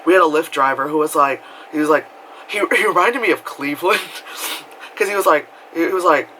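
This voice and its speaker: A man with a New York accent telling a casual, animated, profane story on his vlog, often laughing. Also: fairly high pitch, fairly quick, a little hiss or hum, low-quality recording. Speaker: vlogger.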